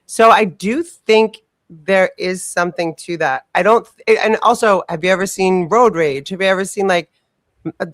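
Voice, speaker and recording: A woman co-hosting a casual chat show, telling a long story in a rambling, animated way and swearing freely. Her voice sits fairly low for a woman. The sound is dry and close, with no room echo. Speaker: podcast co-host.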